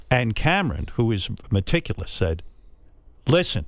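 A man's voice: mid-range voice, big pitch swings, moderate pace, dry recording. A man interviewing a guest, asking leading questions and affirming the guest's answers. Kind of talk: interview conversation.

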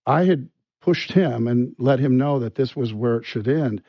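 Brief: middle-aged male guest, mellow and halting, dry studio sound. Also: medium pitch, dry recording. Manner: halting, full of restarts and quiet asides. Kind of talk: conversational storytelling.

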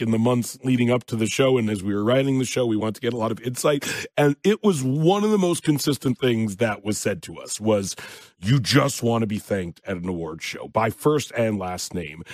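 A man telling stories in a casual interview, laughing often and animated. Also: medium pitch, dry recording. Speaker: show co-creator guest.

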